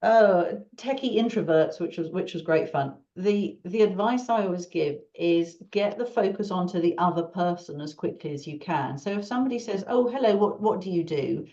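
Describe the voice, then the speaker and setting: Woman on a muffled video call, lowish voice, chatty and lively. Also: normal speed, few pauses. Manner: chatty, animated, acts out sample small talk. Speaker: marketing consultant and Q&A host. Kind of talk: casual online Q&A. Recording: dull lo-fi video call audio.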